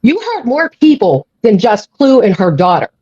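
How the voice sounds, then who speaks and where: A woman's voice: fairly high pitch, huge pitch swings, normal speed, warm tone, slightly rough, no room sound. A woman hosting a live stream, ranting angrily and swearing often, repeating her points. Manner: angry, profane, repeats herself. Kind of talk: heated live-stream rant. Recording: dull lo-fi audio.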